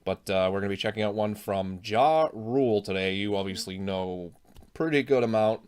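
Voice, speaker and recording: A man's voice: lowish voice, normal speed, a little mellow, clear, resonant tone. A man hosting a casual reaction video, chatting at length and explaining music history. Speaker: host.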